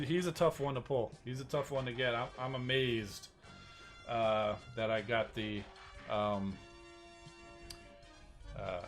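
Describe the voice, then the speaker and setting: Man streaming a game, mid-pitched voice, rambling casual chat, lots of restarts, faint music behind.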